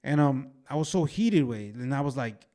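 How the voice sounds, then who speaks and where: A man in his twenties co-hosting a podcast, telling animated stories in casual chat full of fillers like "way" and "bro". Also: medium pitch, normal speed. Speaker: podcast co-host.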